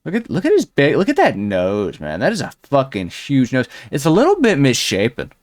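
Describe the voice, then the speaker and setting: A man's voice: mid-range voice, wildly swooping pitch, fairly quick, no echo, studio quality. A man hosting a commentary show, crudely mocking a video with a rambling, sneering delivery full of fillers. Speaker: commentary host.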